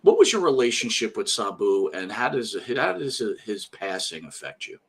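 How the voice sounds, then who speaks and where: A man's voice: on the low side, big pitch swings, moderate pace, breathy edge. A man hosting an interview show, enthusiastic and joking with his guest. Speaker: host.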